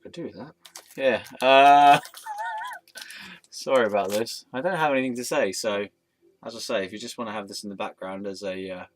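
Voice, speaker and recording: A man's voice: on the low side, normal speed, long pauses, a little hiss or hum. A tired man rambling casually and self-deprecatingly to a statue while he films. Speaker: vlogger.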